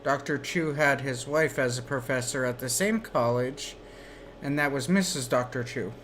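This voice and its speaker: A man's voice: mid-range voice, a bit bright, a little hiss or hum. A man streaming while gaming, telling rambling stories in a casual chat. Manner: slow rambling storytelling.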